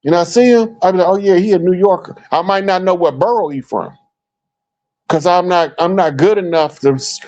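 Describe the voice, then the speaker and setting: Animated storytelling man, higher voice. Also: moderate pace, dull audio. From Chicago. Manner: animated storyteller, acts out quoted remarks. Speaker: guest speaker. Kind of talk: casual storytelling talk.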